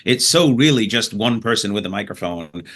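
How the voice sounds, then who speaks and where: Canadian comedian guy, bright tense voice, swears a lot, tells stories fast and loose. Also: on the low side. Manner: animated anecdote-telling with profanity and laughter. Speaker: comedian guest. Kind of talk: storytelling in a podcast interview.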